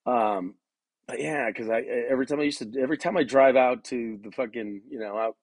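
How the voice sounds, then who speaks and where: A man's voice: medium pitch, brisk, dry recording. A young man talking casually at home in his bedroom, rambling loosely, swearing often and calling the listener man and dude while he paces. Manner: laid-back, rambling, swears a lot, says man and dude. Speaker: podcast host.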